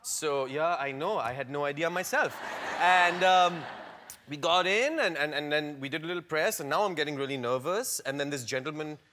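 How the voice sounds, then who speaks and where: A man, an actor guest in an interview, telling a self-deprecating story in an animated, stammering way. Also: a little high, moderate pace. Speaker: actor on a long-running TV series, interview guest. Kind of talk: casual anecdotal storytelling. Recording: clear background noise.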